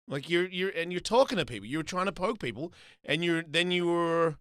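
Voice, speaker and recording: A middle-aged man tells a story in casual chat, swearing freely and talking animatedly. His voice is bright and forceful, and it sits close and dry on a studio mic. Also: a little high, a little fast, smooth, dry recording. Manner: profane, animated storytelling with acted quotes. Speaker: host.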